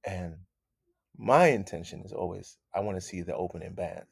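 A man with a lowish voice tells stories as an interview guest. He talks in an animated way, circles back on his own phrases and sprinkles in "man". The sound is dry and close. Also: moderate pace, vocal fry, slightly rough, dry recording. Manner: animated, repeats phrases, says "man" a lot. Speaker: guest musician. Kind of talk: casual interview storytelling.

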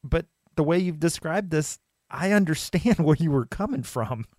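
A man's voice: on the high side, expressive, moderate pace, darkish tone, no room sound, clean studio sound. A man hosting a podcast, reflectively summing up his guest's experience in casual conversation. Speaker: podcast host.

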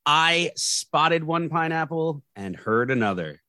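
A man's voice: a little high, animated, slow pace, sharp tone, no room sound. A man hosting a podcast segment in casual chat, playful and steering the conversation. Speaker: podcast host running a segment.

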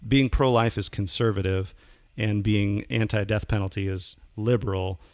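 A man's voice: lowish voice, fairly even intonation, normal speed, darkish tone, no room sound. A man co-hosting a podcast, a pastor chatting casually, rambling with many restarts.

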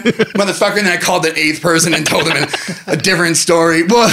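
Appearing as a guest on a podcast, this thirtysomething man spins laughing, foul-mouthed anecdotes with lots of animation in relaxed conversation. He talks at normal speed in a high-pitched voice.

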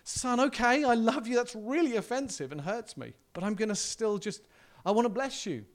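A man's voice: extremely high pitch, normal speed. A preacher voicing a loving, generous father who is overjoyed and pleads with his son. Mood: joyful, pleading. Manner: exuberant, pleading.

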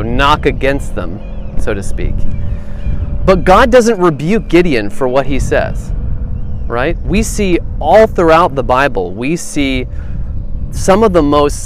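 A man's voice: fairly high pitch, a little hiss or hum. A man leading a small-group Bible study, thinking aloud and asking the group questions in a casual, conversational way.

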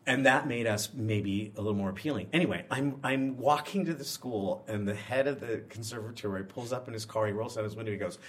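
A man from Pennsylvania, a guest telling stories in casual conversation, rambling and animated with many restarts. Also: mid-range voice, a little fast, few pauses.

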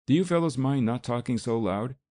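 A man reading the part of a cool-headed vigilante who speaks in a calm, dry, measured way in an audiobook. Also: mid-range voice, pitched above the performer's own voice, lightly acted.

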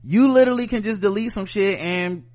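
Male podcast host, somewhat high voice, casual and profane, reacts to listener mail. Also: brisk. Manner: loose, profane, chuckling, thinks out loud. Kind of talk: casual chat, reading listener comments.

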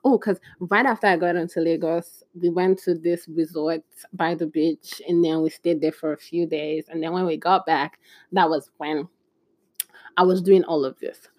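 A woman vlogging in a casual, animated storytelling way, chatty and laughing at her own stories. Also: lowish voice, normal speed, no echo.

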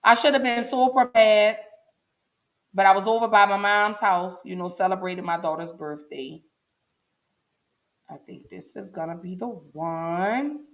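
A woman's voice: medium pitch, unhurried. Chatty woman hosting a livestream. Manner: chatty and emotional, talking straight to viewers. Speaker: show host. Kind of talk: casual livestream talk.

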